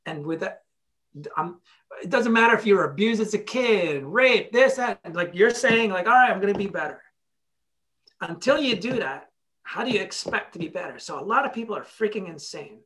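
A motivational speaker telling stories in a podcast conversation, blunt and animated, casually swearing and acting out both sides of conversations. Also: mid-range voice.

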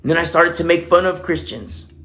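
A man's voice: fairly high pitch, a little fast, fairly bright tone. A man preaching a casual, conversational sermon in church, telling a personal story with many fillers. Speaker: pastor.

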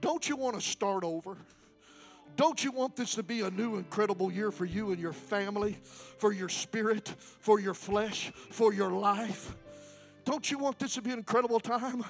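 A man preaching a Pentecostal sermon and altar call in a church. He repeats lines with rising fervor and moves between quiet stretches and loud exhortation. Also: high-pitched, moderate pace, creaky, faint music behind. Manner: fervent, repetitive exhortation, swings from quiet to loud. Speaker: guest preacher. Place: church sanctuary.

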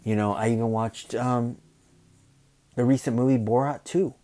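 A man's voice: mid-range voice, steady tone, normal speed, warm tone. A man hosting a podcast, ranting opinionatedly and often checking in with "you know" and "okay". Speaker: podcast host.

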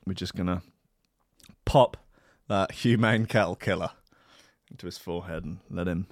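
A man hosting a radio show alone, rambling in a sardonic, sweary way, swinging from loud asides to mutters. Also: low voice, moderate pace, no room sound, studio quality. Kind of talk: rambling solo radio banter.

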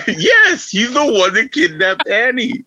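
Excitable podcast dude, bright punchy voice, dry kinda dull recording. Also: male voice, extremely high pitch, takes it slowly, slightly rough, no echo. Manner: excitable, laughs a lot. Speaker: podcast co-host. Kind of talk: casual chat.

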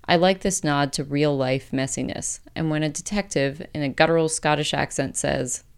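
Woman podcast host, low voice, very smooth and clear, reflective essay reading. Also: steady tone. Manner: measured, gentle reading; later chatty with many fillers. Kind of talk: reading an essay, then casual chat.

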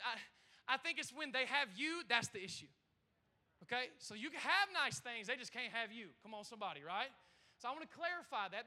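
High bright-voiced male pastor preaching. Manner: energetic, repeats himself, calls out to the congregation. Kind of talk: sermon.

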